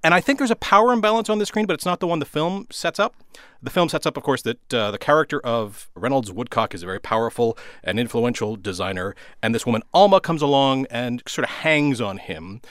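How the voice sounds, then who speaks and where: A man giving a wry, animated film opinion as a podcast panelist. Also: medium pitch, a little fast, no room sound, clean studio sound. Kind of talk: casual chat.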